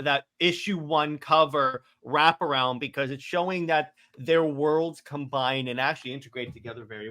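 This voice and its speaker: An excitable male co-host gushes through a casual comic book chat, laughing often and tumbling over restarts in his eagerness. His voice sits fairly high for a man. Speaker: podcast co-host.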